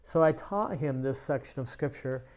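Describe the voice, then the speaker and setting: A man's voice: medium pitch, moderate pace, darkish tone. A male pastor teaching a sermon, telling a personal story in a conversational way with frequent restarts.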